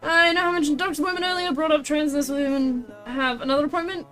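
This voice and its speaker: High-voiced, chatty woman streamer. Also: animated, fast, fairly bright tone, faint music behind. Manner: chatty, exclamatory, reads chat aloud. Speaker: streamer crafting a costume tail. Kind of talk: casual livestream chat while working.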